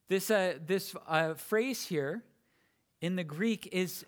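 A man preaching a sermon, explaining a passage phrase by phrase with emphatic pauses and small restarts. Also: high voice.

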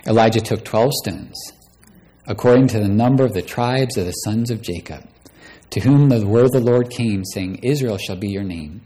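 A man's voice: on the low side, moderate pace, mellow. Man preaching a dramatic sermon. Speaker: pastor. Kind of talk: sermon with scripture reading.

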